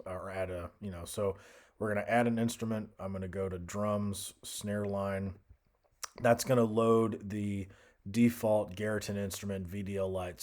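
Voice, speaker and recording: A young man casually talking through a music software tutorial, thinking aloud with fillers and restarts. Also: lowish voice. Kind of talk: screen-recorded software tutorial.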